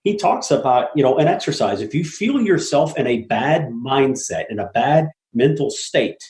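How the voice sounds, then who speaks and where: A man's voice: mid-range voice, normal speed. A middle-aged man, a guest on an interview, telling stories in a blunt, profane way and acting out the people he quotes. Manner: animated storyteller, blunt and profane, acts out quoted voices. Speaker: guest, apartment syndicator. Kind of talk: casual interview talk. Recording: echoey room.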